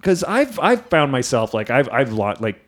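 A man's voice: mid-range voice, very animated, moderate pace, fairly bright tone. A man hosting a casual podcast chat, rambling with many restarts and frequent laughs. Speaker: podcast host.

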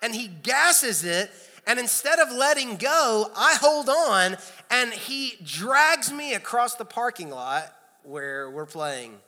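Animated pastor telling stories in a reverberant hall. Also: male voice, extremely high pitch, takes it slowly. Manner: storytelling, animated, self-deprecating humor. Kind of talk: sermon. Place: church sanctuary.

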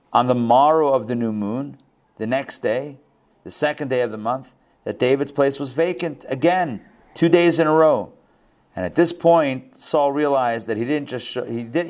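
A man with a medium-pitched, darkish voice teaches a Bible class. He reads verses aloud, then breaks in with casual commentary full of restarts and quick asides.

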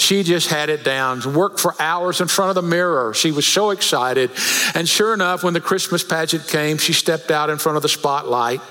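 A man preaching a sermon to a church congregation, telling stories and slowing down for scripture. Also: a little high, pushed and bright, in a large hall, rough recording. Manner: storytelling, slows for scripture. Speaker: pastor. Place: church sanctuary.

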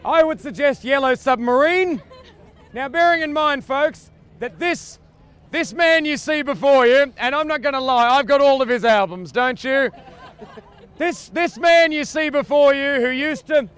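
An Australian man, a comedian, leading a mock tour on a busy city street outdoors with theatrical, grandiose tour-guide patter, sometimes leading the crowd in loud chants. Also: very high-pitched, a little slow.

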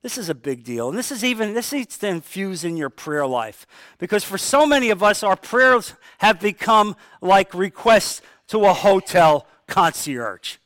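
A man's voice: high-pitched, big pitch swings, unhurried, a bit bright, no echo. A man pastor preaching a sermon, stressing key phrases by repeating them and acting out sample prayers.

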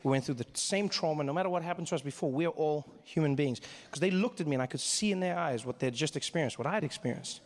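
A man's voice: fairly high pitch, fast, few pauses, big-room sound. A man performing stand-up, telling a story animatedly and acting out the people in it. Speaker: stand-up comedian.

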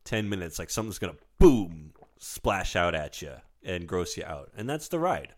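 Deep-voiced laid-back man chatting. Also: sing-song, normal speed. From United States. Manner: laid-back, chuckling, loose. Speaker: podcast co-host. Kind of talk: casual movie podcast chat.

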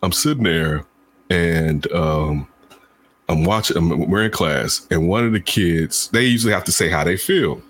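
A man who is a parent, telling stories in casual chat, acting out quotes in high voices and laughing often. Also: a little slow, fairly bright tone, slightly rough.

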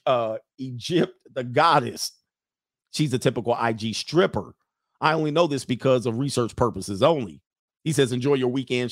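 A man's voice: mid-range voice, no room sound. Dry-sounding joking male livestream host. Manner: joking, laughs often, mimics other people in quick bits. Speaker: livestream host reading viewer messages. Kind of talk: casual livestream chat.

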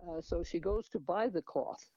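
Male reader, fairly high-pitched, close dry mic, dull lo-fi recording. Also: normal speed, mellow, no echo. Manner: hesitant, with restarts and asides. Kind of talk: reading a novel aloud.

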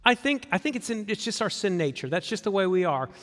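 A man preaching a sermon as pastor, conversational and animated. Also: high-pitched, quick pace, in a large hall. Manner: conversational, animated, acts out quoted voices.

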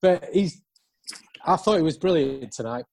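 A man in a casual post-match football chat, animated and quick to laugh, often stammering over his words. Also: on the high side, gravelly, slight background noise. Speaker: football podcast co-host.

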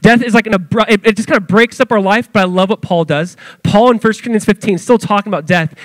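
A male pastor preaching an animated sermon to his church, acting out quoted voices as he goes. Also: high voice, brisk, few pauses, dry recording.

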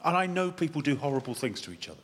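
A man, a vicar, giving a lively sermon that wanders into chatty, self-mocking asides. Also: fairly high pitch, very fast. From England. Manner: animated, chatty preaching with digressions and self-deprecating asides.

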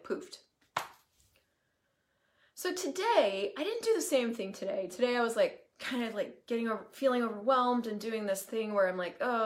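A woman talking casually on a live video, chatty and emphatic, greeting viewers as she goes and swearing freely. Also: medium pitch. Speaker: certified facilitator hosting a live video. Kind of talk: casual live-stream monologue.

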